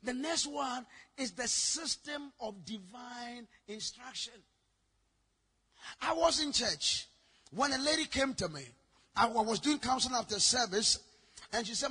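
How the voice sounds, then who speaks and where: A man preaching a sermon, telling stories with sudden shouted lines. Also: very high-pitched, expressive, measured pace, husky. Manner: dramatic storytelling, bursts into shouting. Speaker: pastor.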